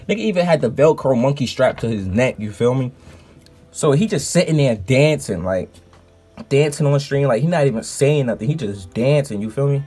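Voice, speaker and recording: A man who streams, telling a story in a casual, animated and profane vlog rant. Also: medium pitch, husky.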